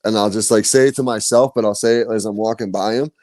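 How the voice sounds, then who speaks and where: Mellow-voiced man in casual chat. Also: lowish voice, fairly even intonation, fast talker, no room sound, studio quality. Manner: loose, profane storytelling. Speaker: podcast host.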